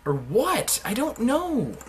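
Man, let's play commentary, excitable, lively swooping pitch, game music playing behind. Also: takes it slowly. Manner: excitable, yelps and shrieks when startled. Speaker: gaming commentator.

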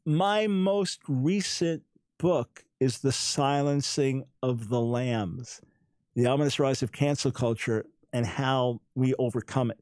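A man's voice: mid-range voice, slow, darkish tone, no room sound. A man hosting a talk show, speaking in an emphatic, incredulous monologue and often repeating words as he makes his points. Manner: speaks with a smile, not taking it personally.

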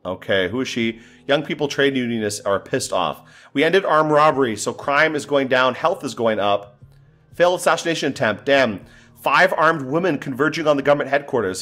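A man in the middle of a pitch range commentates a strategy game in a loose, exasperated way, muttering to himself and cursing at setbacks. Faint music plays quietly underneath his voice. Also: expressive, normal speed. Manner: exasperated, swearing, talking to himself. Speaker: gaming commentator. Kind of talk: casual gameplay commentary.

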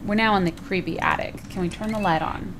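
A woman's voice: medium pitch, steady tone, a little fast, fairly bright tone, slight background noise. A woman hosting a gaming video, chatting casually to viewers as she plays and sometimes exclaiming in surprise. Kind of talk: casual let's play commentary.

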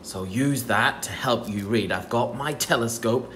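A man teaching a children's phonics lesson from home, sounding out words slowly and playfully. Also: mid-range voice, fairly bright tone. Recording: faint dishwasher hum at home.

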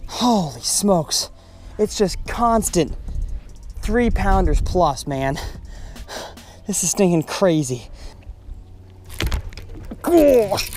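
A young fishing vlogger narrates his own river fishing trip outdoors with excited commentary, exclaiming and repeating phrases as he goes. His voice is high and somewhat dark in tone.

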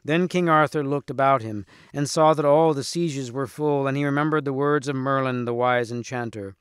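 A man reading a storybook aloud in a measured, expressive way. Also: mid-range voice, clear, resonant tone, no room sound, clean studio sound. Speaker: reader.

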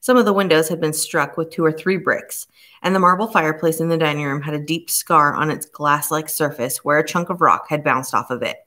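A woman narrating a novel aloud in a steady storytelling manner. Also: deep voice, fairly quick. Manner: steady storytelling with voices for each character. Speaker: audiobook narrator. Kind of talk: scripted narration.

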